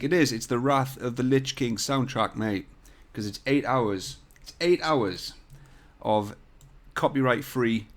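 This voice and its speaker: Speaking at a fairly low pitch, a man hosts a live CAD design tutorial from his hotel room. He chats jokily with viewers, swearing on occasion, into a desk mic without a shock mount or pop filter.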